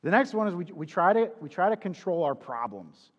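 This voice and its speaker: A man's voice: high voice, big pitch swings, brisk, big-room sound, dull audio. A man preaching in a conversational, confessional way, asking the listener rhetorical questions. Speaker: pastor. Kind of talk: sermon.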